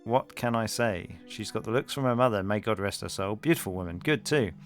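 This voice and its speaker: A man's voice: on the low side, brisk, soft background music, natural voice. A man reading the lines of a smug, mocking, treacherous older crime boss in a text adventure game. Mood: sneering. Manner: mocking, calls everyone dog.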